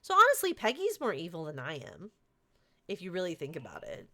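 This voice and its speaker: A woman's voice: lowish voice, huge pitch swings, brisk. A woman streaming a game live, chatting casually and gushing over her chat. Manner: bubbly, gushes over chat.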